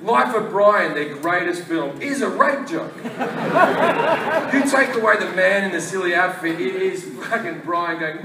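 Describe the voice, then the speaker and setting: Swearing aussie guy doing stand-up, heard from far off on a handheld mic, loud noisy room. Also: high voice, lively intonation, measured pace. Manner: crude, brash, swears a lot, acts out voices. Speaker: stand-up comedian. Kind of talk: stand-up comedy routine. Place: comedy venue with a laughing audience. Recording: echoey live club recording from a distance.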